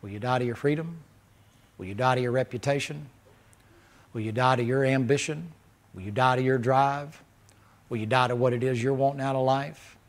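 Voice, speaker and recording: Preaching at a moderate pace with frequent pauses, a pastor brings a down-home, folksy feel to his sermon. He has a middle-pitched voice and alternates loud emphasis with hushed, close moments.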